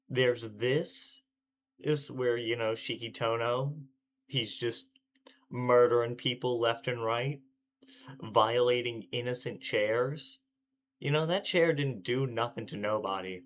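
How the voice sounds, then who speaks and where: A man's voice: medium pitch, fairly even intonation, measured pace, a bit bright. A male streamer pokes fun at the game he is playing, sarcastic and mock-dramatic. He has a middling voice in casual let's-play chatter.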